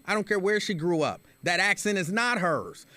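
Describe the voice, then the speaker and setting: A man's voice: high voice, animated, normal speed, sharp tone, dry recording. A man hosting a talk radio show from a studio, arguing his point emphatically and hammering it home by repeating himself. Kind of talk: opinionated talk radio monologue. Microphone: studio microphone.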